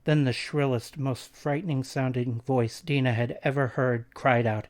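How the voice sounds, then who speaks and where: A man's voice: medium pitch, fairly even intonation, normal speed, hardly any pauses. A man reading a scary young-adult novel aloud as narrator. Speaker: reader. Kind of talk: audiobook narration.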